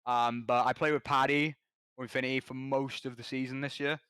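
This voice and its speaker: A man guesting on a podcast, telling a gaming story in an animated, slangy way with quick restarts. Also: mid-range voice, smooth, no room sound. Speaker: podcast guest, competitive gamer.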